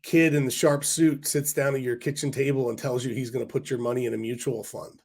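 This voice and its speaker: A man hosting a casual stock market livestream, talking bluntly in a rant with quick asides to his viewers; his voice is hoarse and congested. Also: medium pitch, little pitch movement, a little mellow. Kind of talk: casual livestream talk to chat.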